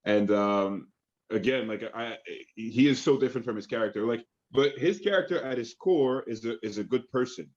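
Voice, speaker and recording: A man's voice: mid-range voice, normal speed, a little mellow. Man, actor guest, eager and chatty, muffled lo-fi sound. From Canada. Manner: enthusiastic, lots of fillers and restarts. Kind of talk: casual interview chat.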